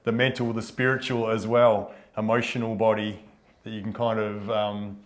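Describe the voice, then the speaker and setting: A man co-hosting a casual chat, relaxed and trailing off at the ends of his phrases. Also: fairly low pitch, normal speed. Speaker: co-host, bodywork therapist.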